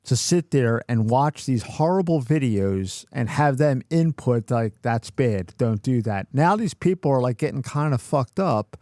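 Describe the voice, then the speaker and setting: A man's voice: mid-range voice, animated, a little slow, hardly any pauses, a little mellow. A middle-aged man co-hosting a podcast, telling a workplace story in a cursing, ranting way. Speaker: podcast co-host. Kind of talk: casual chat.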